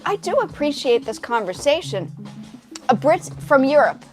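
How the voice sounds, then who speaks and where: Young woman, light South African accent, slightly high voice, rambling live-stream chat with faint music underneath. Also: sing-song, normal speed. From half South African, now living in the States. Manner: chatty, hesitant, restarts often, reads viewer comments aloud. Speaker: livestream host, music composer. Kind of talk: casual livestream chat with viewers. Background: her music track playing faintly.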